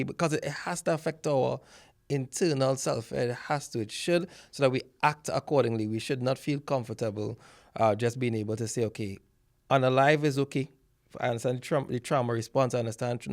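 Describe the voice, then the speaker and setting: A man's voice: medium pitch, vocal fry. A man speaking in a podcast discussion, earnest and insistent, pressing hard on his points. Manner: earnest, insistent, rising to forceful emphasis. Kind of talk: casual discussion.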